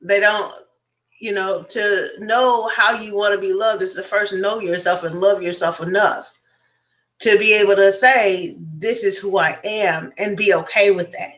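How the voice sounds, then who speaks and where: A woman's voice: medium pitch, steady tone, unhurried, fairly bright tone, poor audio. A woman speaking as a guest on a casual round-table chat, frank and reflective, talking at length.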